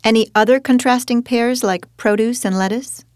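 A woman's voice: fairly high pitch, fairly even intonation, moderate pace, no echo, studio quality. A woman leading a scripted teaching dialogue, asking encouraging questions.

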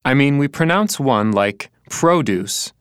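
A man speaking slowly and thoughtfully in a scripted teaching dialogue, pronouncing words with care. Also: medium pitch, lively intonation, smooth, no room sound, clean studio sound. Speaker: language learner in a dialogue.

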